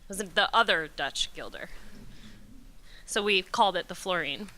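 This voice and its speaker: A woman's voice: lowish voice, normal speed, bright, forceful tone. A young woman from Curaçao giving a casual, self-deprecating slide talk, chatty and full of ums and asides. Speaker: presenter at a company talk.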